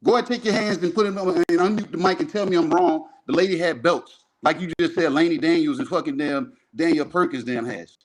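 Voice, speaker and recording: A man's voice: on the high side, a little fast, few pauses. Heated, profane man arguing sports. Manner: profane, animated, repeats himself. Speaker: podcast co-host.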